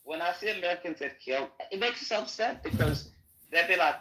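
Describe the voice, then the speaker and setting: A man whose voice sits a little higher than most men's. He rants emphatically in a casual voice chat, swearing often and repeating the same phrases. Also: animated, fast talker, a bit bright, low-quality recording. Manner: profane, repetitive, emphatic. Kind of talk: heated casual rant.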